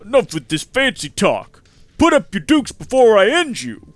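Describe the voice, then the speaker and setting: A man's voice: high voice, huge pitch swings, moderate pace, voice pushed up. A man voicing a brash, threatening male street thug in a game. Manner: loud, brash.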